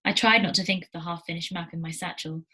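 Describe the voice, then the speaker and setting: A teacher reading a novel aloud to her class in a steady storytelling manner, with small slips. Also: lowish voice, quick pace, husky, low-quality recording.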